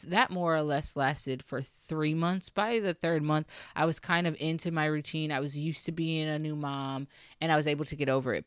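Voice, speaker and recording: A woman's voice: low voice, clear, resonant tone, dry recording, clean studio sound. A young woman giving chatty, casual advice as a mom vlogger, often checking in with "okay" and "right". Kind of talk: casual advice talk to camera.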